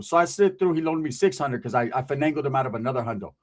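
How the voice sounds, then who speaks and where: Fast-talking, profane man telling stories. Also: mid-range voice. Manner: profane, streetwise, animated character voices. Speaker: comedian. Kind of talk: stand-up storytelling.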